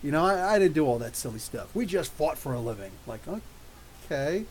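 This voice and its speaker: A man's voice: fairly high pitch, brisk, rough recording. Chatty man telling rambling stories. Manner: rambling, animated storytelling with laughs. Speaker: podcast host. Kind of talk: casual live chat reading viewer questions. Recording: faint hiss.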